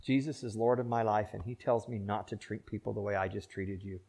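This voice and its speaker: Older preacher, emphatic and slow. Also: male voice, fairly even intonation, gravelly, slightly rough. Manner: preaching with swings from loud emphatic peaks to soft low pleas, slow drawn-out pauses. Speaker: pastor. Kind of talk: sermon.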